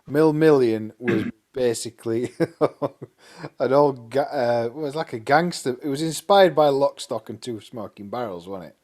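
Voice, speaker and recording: A man's voice: medium pitch, measured pace, darkish tone. A man, co-hosting a casual chat and reminiscing with frequent laughs and tag questions. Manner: chatty, laughs a lot, asks for agreement with tag questions. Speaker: podcast co-host.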